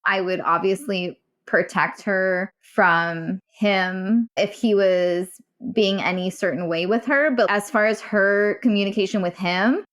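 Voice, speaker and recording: A woman with a medium-pitched, fairly bright voice speaks at a measured pace. As a guest, she candidly recounts a personal story of her own, earnest and emotional, with the occasional swear word.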